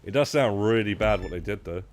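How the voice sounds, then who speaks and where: A man from London with a softened London accent, chatting casually and haltingly with viewers on a live game stream. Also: on the low side. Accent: London English, softened. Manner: rambling, hesitant, many fillers and repeated words.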